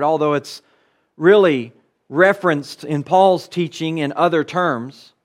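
A man giving an earnest expository sermon, teaching through a Bible book and driving points home with repeated phrases. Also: sits high. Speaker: preacher.

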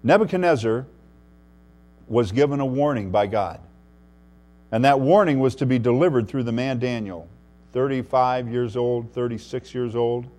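Man preaching a sermon over mains hum. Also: mid-range voice. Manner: preaching with wide swings in loudness, dropping to a hushed voice for emphasis. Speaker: pastor. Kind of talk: expository sermon.

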